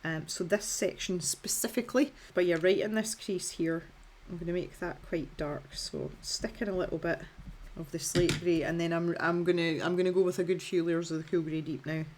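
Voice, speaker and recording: A woman's voice: lowish voice, steady tone, moderate pace, hardly any pauses, slight background noise. A Scottish woman in her thirties, talking casually through a colouring tutorial in a chatty, self-deprecating way. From Scotland. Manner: chatty and self-deprecating, with filler words and restarts.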